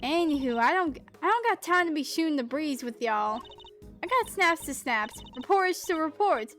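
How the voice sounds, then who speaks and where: A brash, folksy woman photographer barks in a high, drawling put-on Southern accent, as a woman voices her. She talks slangy and pushy, shooing people off. Faint game music hums under her. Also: lively intonation, normal speed, fairly bright tone. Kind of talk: game voice-acting.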